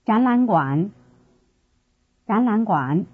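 A woman's voice: medium pitch, animated, breathy edge, exaggerated voice. A woman playing a student giving directions. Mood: answering. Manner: slow, careful drill delivery. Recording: dull lo-fi course tape.

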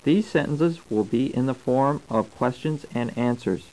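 A man reading a scripted language course, slowly spelling out words and their tones. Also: medium pitch, warm tone, poor audio. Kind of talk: scripted instructional narration. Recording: old tape recording.

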